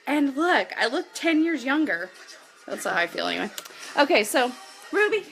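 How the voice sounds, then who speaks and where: A woman's voice: high voice, very animated, moderate pace, gravelly, a bit bright, faint music behind. A woman in her thirties running a live online training from her home office as a business coach, chatty and upbeat, talking straight to her viewers. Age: 30s.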